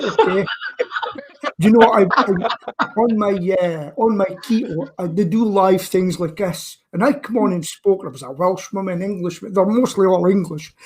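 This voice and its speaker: A man with a Scottish accent, a guest chatting on a live-stream talk show, cracking jokes and telling stories. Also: high-pitched. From Scotland. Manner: joking, chatty storyteller. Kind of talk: casual chat.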